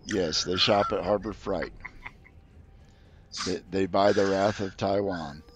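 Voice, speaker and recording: A man's voice: low voice, steady tone, takes it slowly, noisy background. A man running a tabletop game as game master, narrating in a rambling, easygoing way. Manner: rambling, easygoing, with many fillers. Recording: dull lo-fi sound in a dry room.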